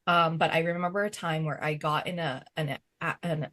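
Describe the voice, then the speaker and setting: A woman's voice: deep voice, fairly even intonation, moderate pace, bright, forceful tone. A woman medium on a podcast panel, chatting casually with lots of fillers and laughter. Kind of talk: casual chat.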